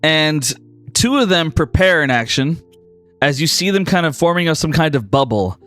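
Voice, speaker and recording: A man's voice: on the high side, expressive, normal speed, a bit bright, faint music behind. Man narrating as a dramatic game master.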